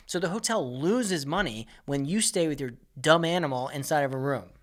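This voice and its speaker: A man's voice: fairly high pitch, moderate pace. A man hosting his own comedy podcast, delivering an exasperated, profane rant as a monologue.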